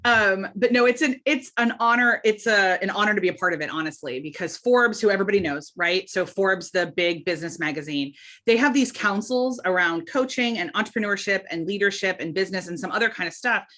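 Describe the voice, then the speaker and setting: A woman's voice: mid-range voice, fairly quick, pushed and bright. A woman talking as a podcast guest, emphatic and candid, often restarting her sentences in casual interview chat.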